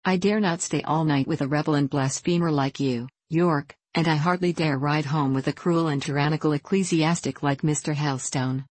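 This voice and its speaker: A proud young mill owner speaks with dry irony as a woman reader voices him. Her voice stays low, recorded close with no room sound. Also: fairly even intonation, normal speed, few pauses, darkish tone, no echo, rough recording. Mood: wry. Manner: dry and ironic.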